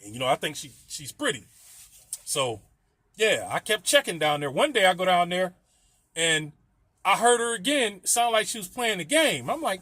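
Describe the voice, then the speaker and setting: A middle-aged man rambles through a casual story, swearing freely and laughing between lines. His voice sits high for a man. The sound is dry and close. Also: very animated, normal speed, pushed and bright, no echo.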